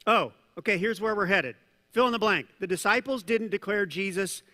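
A male pastor giving a sermon, conversational and animated, with jokes and asides to the congregation. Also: high-pitched, normal speed, big-room sound. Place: church hall.

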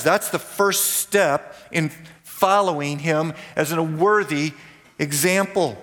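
A man preaching a sermon as pastor, emphatic, repeating key phrases and slowing down to stress points. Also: on the high side, a bit bright, long reverb tail. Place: church sanctuary.

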